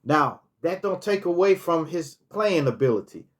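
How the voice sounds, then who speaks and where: His voice sits on the high side with lively intonation and a moderate pace. A middle-aged storytelling vlogger, he rambles through casual anecdotes, restarting words and filling gaps with "you know" as memories come back.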